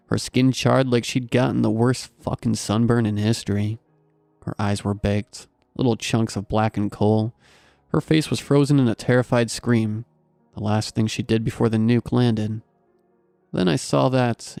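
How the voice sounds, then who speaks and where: Male horror-story narrator: wry scripted delivery, low pitch, dry close sound. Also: vocal fry, warm tone, no echo.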